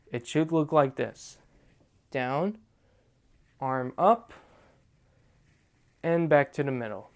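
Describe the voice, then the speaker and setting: In his dance tutorial, a young man speaks at a medium pitch with a clean tone, breaking the routine into steps, counting slowly, and asking "okay?" after every move.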